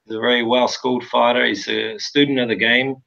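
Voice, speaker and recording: Male matchmaker type, assured and forceful, bright tone, muffled lo-fi take. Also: mid-range voice, little pitch movement, fairly quick, creaky. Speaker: boxing matchmaker. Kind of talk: interview answer. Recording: dull lo-fi sound.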